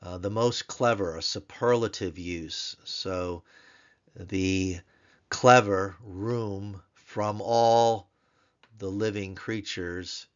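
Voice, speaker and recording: A man teaching a grammar lesson in a recorded tutorial, explaining slowly and repeating words so learners can pronounce them. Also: fairly low pitch, fairly even intonation, dull audio. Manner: slow, careful, repeats Hebrew words to drill pronunciation.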